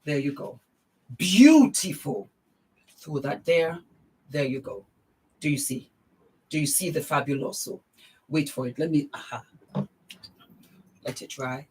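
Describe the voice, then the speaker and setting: A woman's voice: low-pitched, fairly even intonation, measured pace, long pauses, slightly rough, rough recording. A middle-aged woman vlogging a casual beauty product demonstration, gushing and exuberant, repeating her words of praise.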